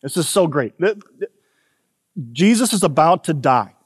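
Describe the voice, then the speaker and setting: Male pastor, slightly higher voice, easygoing preacher who asks "right?" a lot, long hall reverb. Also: expressive, slightly rough. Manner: chatty, laughing asides, frequent "right?" tag questions; slows down and lifts his voice for scripture readings. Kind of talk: casual conversational sermon.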